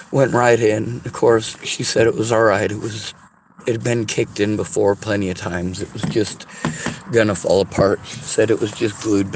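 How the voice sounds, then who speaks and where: A man's voice: mid-range voice, slight background noise, poor audio. A man telling a personal story to the camera, rambling, repeating himself and swearing freely. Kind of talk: casual spoken storytelling to camera.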